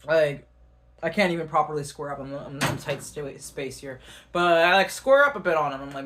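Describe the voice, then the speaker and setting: A man telling a story to the camera in an animated way. He uses lots of fillers and swears now and then. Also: a little high, a little fast. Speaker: vlogger.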